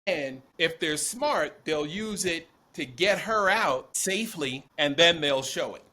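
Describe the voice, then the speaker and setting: A man with a high, lively voice co-hosts a casual political chat. His tone is bright and forceful, and he drives each point home with emphatic insistence. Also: takes it slowly. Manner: animated, emphatic, predicting. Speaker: podcast co-host.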